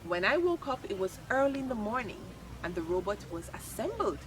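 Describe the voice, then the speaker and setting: A woman reading a children's chapter book aloud, lively and expressive. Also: medium pitch, fairly quick. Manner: expressive, lifts voice for quoted lines. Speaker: storybook reader. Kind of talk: read-aloud children's story narration.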